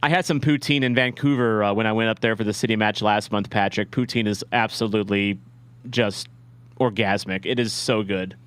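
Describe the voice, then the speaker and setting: A man's voice: fairly low pitch, steady tone, brisk, fairly bright tone, clean tone. A man hosting a live-stream watch-along, chatting casually with viewers in a rambling, self-deprecating way with many restarts. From St. Louis, USA. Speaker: livestream watch-along host.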